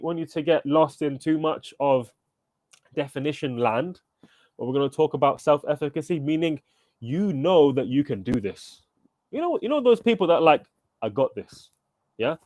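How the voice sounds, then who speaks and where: A man leads a live online workshop with upbeat, encouraging energy, greeting participants by name and checking in constantly. His voice sits at a middling pitch. The sound is dry and close, as if picked up by a computer mic with no room around it. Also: dry recording. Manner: energetic, encouraging, addresses participants by name, frequent "okay?" and "right?". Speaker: workshop coach.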